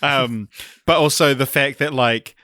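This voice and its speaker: A man's voice: medium pitch, unhurried, bright, forceful tone, no room sound, studio quality. A man co-hosting a casual film podcast, hesitant with many ums and easy laughs. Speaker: podcast co-host.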